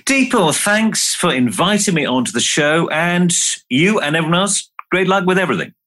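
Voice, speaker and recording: Husky man coaching in lively tones. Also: high-pitched. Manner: slow, emphatic, coaching delivery. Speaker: podcast guest, communication trainer. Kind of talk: podcast interview with guided hypnosis.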